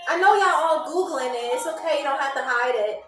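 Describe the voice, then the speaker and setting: High-voiced woman hosting a live stream. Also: fairly quick, fairly bright tone. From New York. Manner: chatty, playful, talks straight to viewers. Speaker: live game show host. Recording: echoey room, distant mic, faint music.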